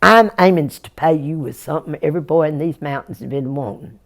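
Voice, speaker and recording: A woman's voice: deep voice, fairly quick, creaky. A woman voicing a kindly, generous old farmer in a told folktale, hearty and drawling.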